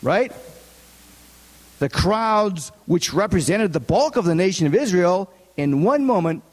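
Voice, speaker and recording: A man's voice: high-pitched, expressive, unhurried. A man giving a conversational sermon, often asking his listeners rhetorical questions. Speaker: preacher. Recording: long hall reverb.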